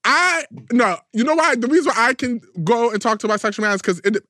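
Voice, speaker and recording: A man's voice: very high voice, lively intonation, quick pace, pushed and bright, no room sound, clean studio sound. A man co-hosting a podcast in casual chat, telling stories bluntly with plenty of profanity. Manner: blunt, profane, fired-up storytelling. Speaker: podcast co-host.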